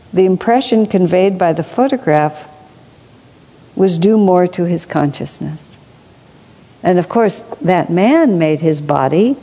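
A woman telling stories in a reflective spiritual discussion, thoughtful, with asides and soft laughs. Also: fairly low pitch. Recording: long hall reverb.

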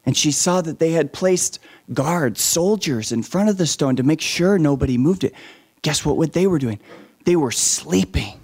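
Brief: a lively man telling a story to children, voice a bit high, asks questions. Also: normal speed. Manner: animated, asks the listeners questions.

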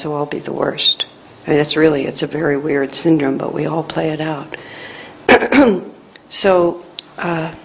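Low-voiced woman telling a spiritual story. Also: a little hiss or hum, rough recording. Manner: earnest, reflective, animated when quoting others. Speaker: spiritual teacher. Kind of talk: storytelling talk.

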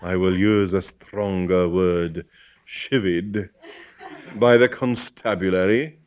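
A man's voice: low-pitched, fairly even intonation, slow, darkish tone. A man voicing a pompous, haughty older bishop in a storybook reading. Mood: frigid. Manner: pompous, stately.

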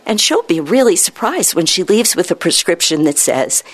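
A woman internist telling a story from her practice, acting out the dialogue with lively quoting. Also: fairly low pitch, normal speed, hardly any pauses, slightly rough. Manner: animated, acts out quoted dialogue. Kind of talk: storytelling talk.

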